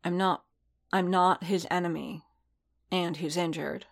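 A woman voicing a tired, guilt-torn male warrior who speaks in a hushed, restrained way. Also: on the low side, fairly even intonation, a little slow, vocal fry. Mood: brooding.

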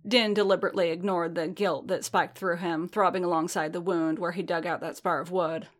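A woman narrating a fan fiction story in a steady storytelling manner. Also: on the low side, brisk.

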